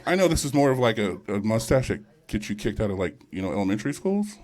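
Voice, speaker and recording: A man's voice: fairly low pitch, big pitch swings, fast, a little mellow. A man doing a stand-up comedy set at a live show, crude and rambling, teasing the crowd.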